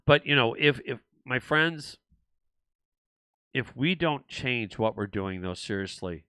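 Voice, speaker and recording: A man's voice: medium pitch, animated, takes it slowly, sharp tone, smooth, no echo. An older man hosting his own show, rambling and frustrated, with many restarts and repeated words. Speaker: show host. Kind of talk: political talk show monologue.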